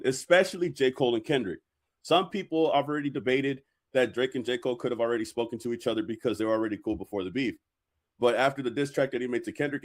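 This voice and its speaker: Brief: male reaction-show host, mid-pitched voice, calm and measured commentary. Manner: measured, explains his view step by step. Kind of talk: casual commentary.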